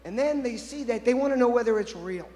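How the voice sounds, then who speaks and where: A man in his fifties with a notably high voice tells playful stories to a conference crowd and keeps talking straight to the listeners. His voice rings with the long echo of a big conference hall. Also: expressive, fairly quick, mellow. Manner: playful, anecdotal, addresses the audience directly. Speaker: conference presenter. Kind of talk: storytelling keynote talk. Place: conference stage.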